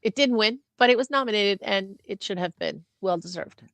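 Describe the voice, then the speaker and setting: A woman's voice: medium pitch, moderate pace, fairly bright tone, no room sound. A woman co-hosting a film review podcast, dropping in short reactions and comments on the script and the awards. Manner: adds short reactions and comments on the film's writing. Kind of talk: casual chat, film commentary.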